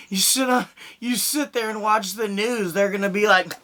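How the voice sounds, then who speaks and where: A man's voice: high-pitched, moderate pace, pushed and bright. A young man doing a stand-up set over a video call, rambling through crude stories. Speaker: stand-up comedian.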